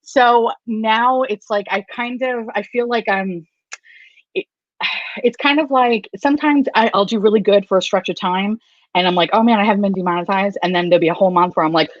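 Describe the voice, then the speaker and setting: A woman's voice: medium pitch, steady tone, moderate pace, no room sound. Candid, foul-mouthed woman on a lo-fi call. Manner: candid and profane, laughing often. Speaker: guest YouTuber. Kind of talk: casual live chat. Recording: dull, lo-fi, dry sound.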